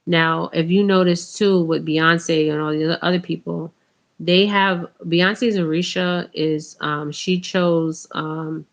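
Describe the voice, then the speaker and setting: Slow, gravelly and on the low side, with fairly even intonation, this spiritual vlogger chats to camera about her path. She calls her audience "you guys" and meanders with plenty of ums and "okay?"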